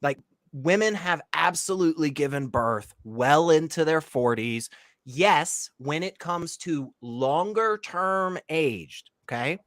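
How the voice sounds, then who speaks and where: A man's voice: a little high, animated, slow pace, fairly bright tone, no room sound, clean studio sound. A man co-hosting a casual talk show, blunt and incredulous, laughing often as he argues. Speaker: co-host. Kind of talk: casual debate chat.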